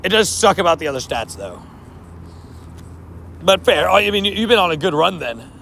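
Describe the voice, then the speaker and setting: Chatty man with a gravelly, fairly high voice. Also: big pitch swings, moderate pace, pushed and bright, a little hiss or hum. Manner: chatty, laughs often, trips over words. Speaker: mobile game streamer. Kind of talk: casual live-stream chat with viewers.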